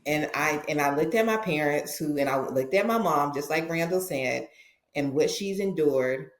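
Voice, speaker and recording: A woman's voice: low voice, moderate pace. A woman guest on a podcast, telling a personal story and acting out the dialogue with feeling. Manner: animated, acts out dialogue in her stories. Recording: roomy echo.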